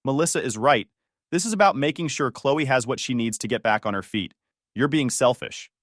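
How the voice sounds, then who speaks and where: A man's voice: mid-range voice, fairly quick, a bit bright, no echo, close to an everyday voice. Man reading defensive red-faced dad, plain voice, dry close sound. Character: defensive angry middle-aged father.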